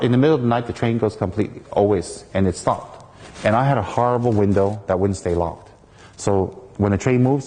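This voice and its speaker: A man from the United States, a Buddhist teacher, giving a dharma talk through a lively personal story in which he acts out the people in it. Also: fairly low pitch, long reverb tail.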